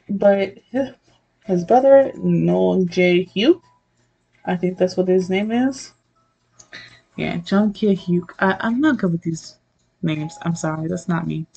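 A young woman chatting casually about a webtoon, excitable and profane, acting out the characters' lines in quick asides. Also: on the low side, gravelly, slightly rough, poor audio. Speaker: book reviewer. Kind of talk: casual chat, recapping a webtoon.

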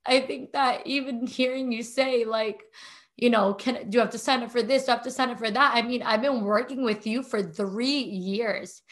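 A woman's voice: fairly high pitch, fairly even intonation, normal speed, a bit bright. A woman, a longtime student, speaking emotionally and rambling with many fillers. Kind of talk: heartfelt conversation.

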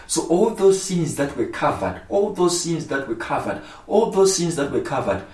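A male pastor preaching a sermon, emphatic and repetitive, with rising outbursts. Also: mid-range voice. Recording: echoey room, voice from far off the mic.

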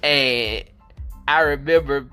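A man's voice: medium pitch, slow pace, bright, forceful tone, faint music behind. A man hosting a movie review show, telling childhood stories in a rambling way, full of "like" fillers, swearing and laughter. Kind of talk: casual nostalgic vlog chat.

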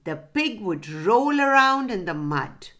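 A woman narrating a children's story slowly and expressively, pausing to ask the children questions. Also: mid-range voice, sing-song, pushed and bright.

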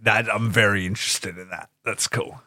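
A man co-hosting a podcast, chatting casually and profanely about wrestling, laid-back and quick to laugh. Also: fairly low pitch, pushed and bright, dry recording, clean studio sound. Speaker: podcast co-host.

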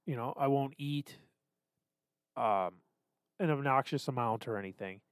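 A man's voice: mid-range voice, unhurried, clean tone, no room sound. A man co-hosting a podcast, talking candidly and self-deprecatingly about his struggles, swearing freely. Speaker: podcast co-host. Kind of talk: casual confessional chat.

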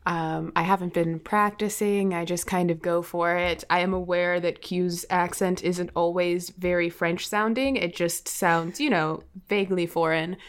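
A woman's voice: lowish voice, steady tone, measured pace, few pauses, clean tone. A woman talking casually about playing her character on a tabletop game show. She speaks in an offhand, frank way and drops casual swears. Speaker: tabletop game podcast player. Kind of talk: casual chat.

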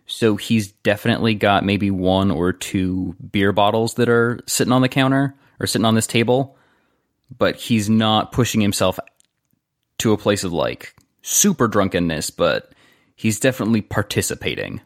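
A man's voice: on the low side, moderate pace, no echo, clean studio sound. A man playing a tabletop role-playing game, thoughtfully describing what his character does. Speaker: player. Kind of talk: tabletop game play, casual.

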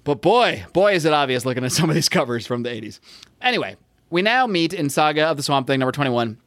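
A man's voice: a little high, big pitch swings, fast talker, a bit bright, no room sound. A man co-hosting a podcast, recapping a comic book in a rambling, jokey way and often correcting himself mid-sentence. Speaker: podcast co-host. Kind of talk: casual comic book discussion.

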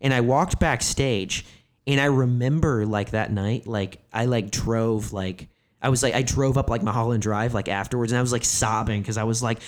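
A man's voice: mid-range voice, normal speed. Rambling man telling candid stories. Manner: rambling, filler-heavy "like" phrasing, profane. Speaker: comedian guest. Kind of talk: candid storytelling conversation.

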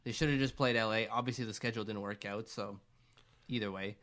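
A man's voice: lowish voice, steady tone, fast, a bit bright. A young man co-hosting a casual sports podcast, talking in a loose, rambling, jokey way. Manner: rambling, jokey, does silly voices. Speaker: podcast co-host.

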